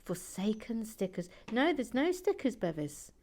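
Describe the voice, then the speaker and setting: A woman hosting a relaxed brick-building video, soft-spoken and playful with dry asides that drift into whispers. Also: fairly high pitch, a little slow. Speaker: host building toy brick sets.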